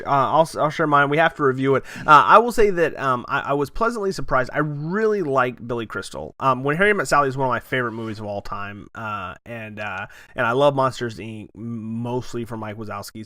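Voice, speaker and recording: Male podcast host, bright and animated, halting casual delivery with a dry close sound. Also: medium pitch, no echo. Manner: halting, many restarts and fillers. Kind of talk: casual movie review chat.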